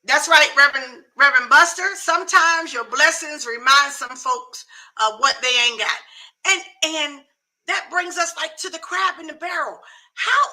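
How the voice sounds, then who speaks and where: A woman's voice: high voice, expressive, moderate pace, sharp tone, low-quality recording. A middle-aged woman hosting a live talk show, giving emphatic, folksy advice in a casual, preachy way.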